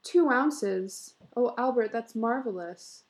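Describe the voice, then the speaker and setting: A woman's voice: medium pitch, fairly even intonation, moderate pace, mellow, lightly acted. A woman voicing an anxious, worn-out young mother who pleads in a breathless way. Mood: eager relieved.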